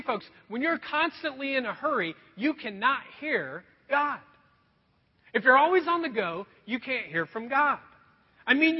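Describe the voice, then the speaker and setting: A man in his thirties preaching a sermon, telling stories earnestly and calling his listeners folks. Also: high voice. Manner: earnest storytelling preacher, addresses the crowd as folks. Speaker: pastor. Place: church hall. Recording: dull echoey hall recording.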